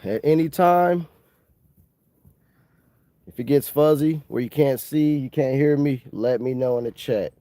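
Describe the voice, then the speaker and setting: A man with a stuffed-up, congested voice talks casually to his livestream audience while fishing outside. His tone is mellow and dark, and he keeps calling his viewers y'all. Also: medium pitch, unhurried, long pauses, no room sound. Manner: chatty, addresses viewers as y'all. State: stuffy from a sinus infection. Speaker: fishing vlogger. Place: outdoors by the water.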